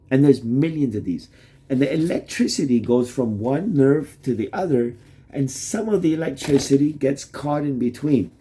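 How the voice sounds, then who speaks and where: Gravelly, husky man rambling to camera. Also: mid-range voice, dark tone. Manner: rambling, swearing, restarts often. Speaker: vlogger. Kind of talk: rambling casual monologue to camera. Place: Toronto area.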